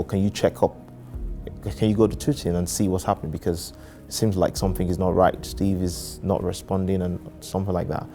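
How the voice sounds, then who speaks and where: A man recalling a friend's death in an interview, halting with many pauses and restarts. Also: deep voice, warm tone. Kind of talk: emotional recollection interview.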